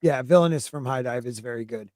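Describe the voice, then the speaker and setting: At medium pitch and a quick pace, this man's voice is a little mellow, recorded studio quality with no echo. Co-hosting a podcast, he rambles casually about anime, full of chatter and restarts.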